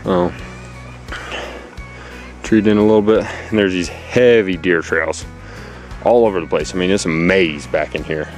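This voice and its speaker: A hunter, out of breath, rambles anxiously to the camera in a casual outdoor vlog, dropping in lots of fillers. His voice is on the low side and a little mellow. The setting is a forest clear cut, and the handheld camera is held close.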